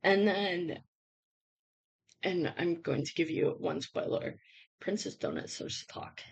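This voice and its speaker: A woman reviewing a book in a casual vlog, bubbly and chatty with lots of fillers, her voice hoarse and giving out. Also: fairly low pitch, slow, low-quality recording.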